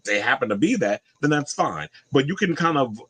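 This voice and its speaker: A man's voice: mid-range voice, lively intonation, fairly quick, fairly bright tone, husky, no room sound, poor audio. A man giving casual pop culture commentary in a blunt, profane, opinionated way.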